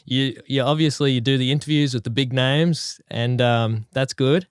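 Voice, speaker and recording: A man's voice: mid-range voice, moderate pace, clean tone, no room sound, studio quality. A young man co-hosting a podcast in casual chat, eager and full of likes and ums. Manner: enthusiastic, many fillers. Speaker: podcast co-host.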